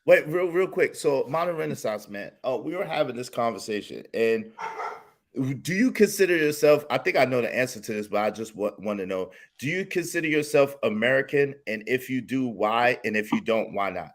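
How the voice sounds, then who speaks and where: A man hosting a casual panel discussion who jumps in, talks in slang and reads out viewer comments with animated reactions. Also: mid-range voice, brisk. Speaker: podcast host.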